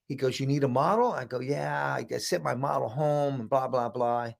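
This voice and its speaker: A middle-aged man from the United States, a guest telling an animated story and acting out the voices of the people in it. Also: mid-range voice, moderate pace, gravelly. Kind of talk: storytelling interview.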